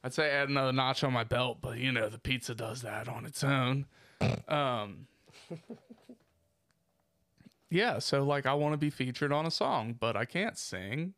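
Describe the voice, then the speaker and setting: A man's voice: mid-range voice, a little slow, pauses often, a bit bright, dry recording. A man co-hosting a podcast, chatting casually and joking around with lots of laughter. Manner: joking, laughs often, profane. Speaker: podcast co-host. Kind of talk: casual chat.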